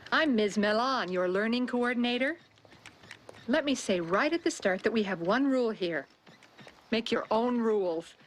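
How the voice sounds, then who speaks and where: A woman voicing a calm, easygoing school coordinator. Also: a little high, moderate pace, slight background noise, lightly acted. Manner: soothing, permissive. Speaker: clip from an animated show.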